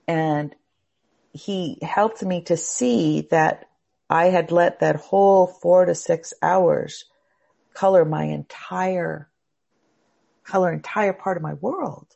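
A middle-aged woman leads a class on anxiety in a low, gravelly voice. She has a husky edge and talks earnestly, often circling back and repeating words while she thinks. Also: fairly even intonation, takes it slowly, dark tone, dull audio. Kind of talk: live class talk.

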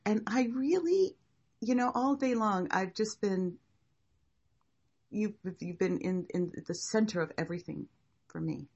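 An older woman teaching a class, speaking in a gentle, encouraging and unhurried way. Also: lowish voice, gravelly, dull audio. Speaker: meditation teacher. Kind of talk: guiding a class.

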